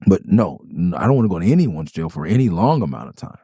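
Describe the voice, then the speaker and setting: A middle-aged man talks through the story behind his own song, rambling and laughing. He slips into playful character voices along the way. His voice sits low and mellow, recorded dry and close. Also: sing-song, fast talker, slightly rough, dry recording. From Los Angeles. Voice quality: calls his own voice high pitched. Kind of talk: casual storytelling commentary.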